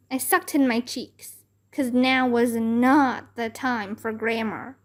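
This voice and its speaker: Slow, high-voiced woman reading a storybook. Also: steady tone. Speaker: read-aloud narrator. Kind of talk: children's book read-aloud.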